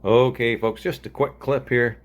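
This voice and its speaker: A man's voice: medium pitch, steady tone, moderate pace. A man hosting a casual vlog, talking in a folksy, laid-back way with chuckles. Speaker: host.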